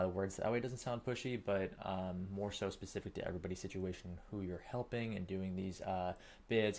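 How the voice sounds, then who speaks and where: Man, sales coach, fairly low voice, emphatic, checks in with "okay?". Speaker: sales trainer. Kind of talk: coaching lesson.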